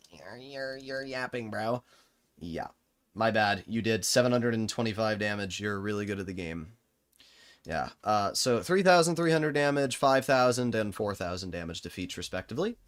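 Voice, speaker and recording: Sarcastic young man streaming a tank game. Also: on the low side. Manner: exasperated, sarcastic, talks to chat and team. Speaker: gaming streamer. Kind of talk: live gameplay commentary.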